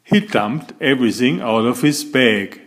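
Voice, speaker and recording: A man reading a children's picture book aloud as a bedtime story. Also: mid-range voice. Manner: slow, expressive storytelling. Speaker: storybook reader.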